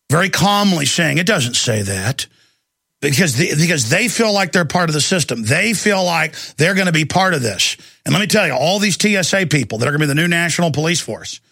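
A man's voice: high-pitched, gravelly, pushed and bright, dry recording, studio quality. A man hosting a talk show, delivering an emphatic, alarmist rant. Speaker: talk radio host. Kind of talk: ranting commentary.

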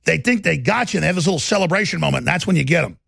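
A man hosting a talk radio show, ranting in an agitated way that swings from mumbling to loud. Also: a little high, expressive, rapid-fire, vocal fry, slightly rough, no room sound, studio quality. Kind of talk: heated talk radio monologue.

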